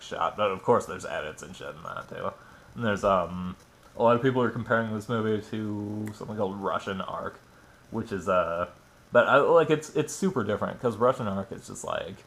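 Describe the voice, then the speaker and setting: A man's voice: deep voice, vocal fry, a bit bright, slight background noise. A man giving a casual, rambling film review, full of fillers like "like" and "you know", with plenty of swearing. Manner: rambling, filler-heavy, profane. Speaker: movie reviewer.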